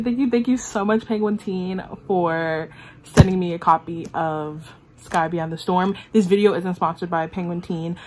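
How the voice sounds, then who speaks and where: A young woman hosting her own book vlog in casual, gushing chat, excitable and talkative. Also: lowish voice, slight background noise. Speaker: book vlogger.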